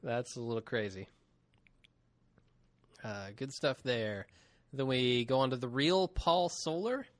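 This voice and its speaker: A man's voice: mid-range voice, takes it slowly, long pauses, no echo, studio quality. A man co-hosting a podcast, reading listener emails aloud in a casual chat and laughing often.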